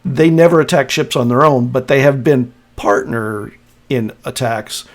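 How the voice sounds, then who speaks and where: A man's voice: medium pitch, fairly even intonation. Man running a tabletop game. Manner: halting, restarts while describing the scene. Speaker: game master.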